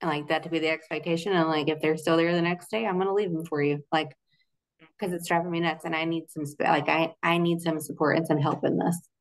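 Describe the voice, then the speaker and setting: A woman's voice: low-pitched, fairly even intonation, fast talker. A young adult woman in a casual interview, talking in a chatty, loose way with many "like" fillers and frequent laughs. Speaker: guest, Christian relationship coach.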